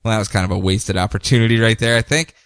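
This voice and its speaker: A man co-hosting a podcast, casually recapping comic book stories in an animated way and slipping into quick character voices. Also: lowish voice, clean tone. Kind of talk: casual chat.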